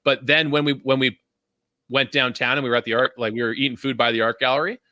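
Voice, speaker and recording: A man's voice: mid-range voice, fast talker, dry recording. A young man from Vancouver co-hosting a casual podcast, ranting with swearing and laughter. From Vancouver, Canada. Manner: animated, swearing, laughing ranter. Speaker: podcast co-host.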